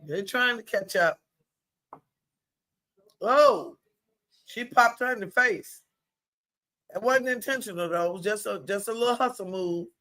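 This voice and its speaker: A woman streaming live play-by-play commentary in a chatty, colloquial way, exclaiming loudly at good plays. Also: mid-range voice, measured pace, pauses often.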